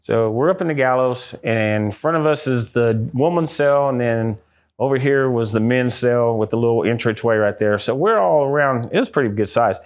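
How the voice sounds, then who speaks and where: A middle-aged American man, a guest on an interview, telling a ghost story with lively acted-out quotes. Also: medium pitch, normal speed. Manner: acts out quotes in a raised excited voice.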